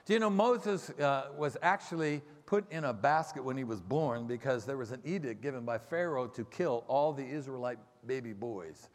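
A man preaching as a pastor in a church sanctuary tells a story with lively storytelling, acting out quoted voices and checking in with the congregation by asking "okay?". His voice is on the high side, and the recording carries a long hall reverb.

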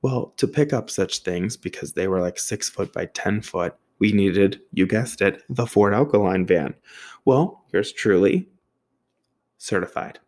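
A man's voice: deep voice, a little slow, darkish tone. A young man telling a casual, profane anecdote, acting out other people's voices and sound effects with a self-mocking manner. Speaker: storyteller.

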